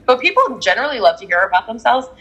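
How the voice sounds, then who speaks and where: Husky woman chatting away casually, does little voices for people she quotes. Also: fairly high pitch, racing, low-quality recording. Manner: animated, acts out quoted people. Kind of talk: casual chat about astrology.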